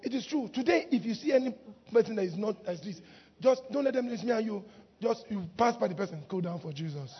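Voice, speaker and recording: A woman preaching a lively sermon in church, laughing often and breaking into shouts. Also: medium pitch, quick pace, slight background noise. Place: church hall. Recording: muffled recording in a reverberant hall.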